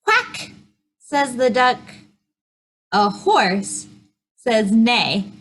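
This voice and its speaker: A woman reads picture books aloud for preschoolers, very slowly, in a sing-song voice. Her pitch sits somewhat high and swings widely as she acts out animal sounds. The tone is soft and a little breathy. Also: very animated. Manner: slow, sing-song reading with animal noises. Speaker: children's librarian. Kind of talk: preschool storytime read-aloud.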